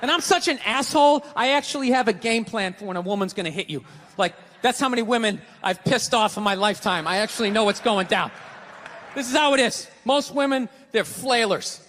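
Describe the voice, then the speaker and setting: A middle-aged stand-up comedian with a very high, sharp-toned voice rants through a profane story that pokes fun at himself. The recording carries a long hall reverb and faint noise.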